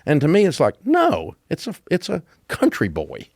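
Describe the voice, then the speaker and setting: A man's voice: a little high, huge pitch swings, moderate pace, vocal fry, darkish tone, no echo, clean studio sound. Southern American man in his sixties, folksy. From Deep South of the US. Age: 60s. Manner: storytelling, folksy, chuckling. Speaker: guest. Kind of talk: casual interview conversation. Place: office at his headquarters.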